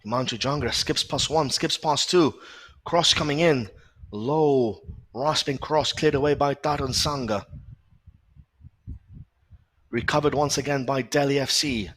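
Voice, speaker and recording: A man calls a football match live, moving quickly from pass to pass and filling gaps with short pauses. His voice sits in a middle register, plain and steady. He speaks into a close commentary mic. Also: medium pitch. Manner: brisk play-by-play with filler pauses.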